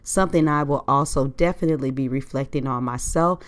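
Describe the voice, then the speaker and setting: A woman podcast host with a bass voice talks casually on her own, a little fast, in a conversational solo monologue. She keeps posing rhetorical questions to her listeners.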